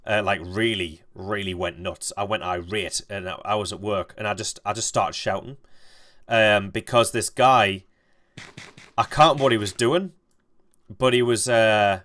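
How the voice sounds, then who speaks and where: A man's voice: on the low side, a bit bright. Rambling, foul-mouthed young man streamer. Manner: rambling, halting, swears freely. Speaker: gaming streamer. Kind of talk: casual storytelling while playing.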